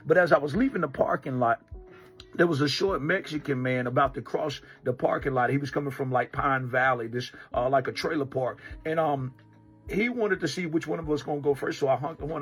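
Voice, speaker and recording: A man, a pastor, telling a personal story in a fast, animated way. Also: medium pitch, slightly rough. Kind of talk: storytelling sermon talk.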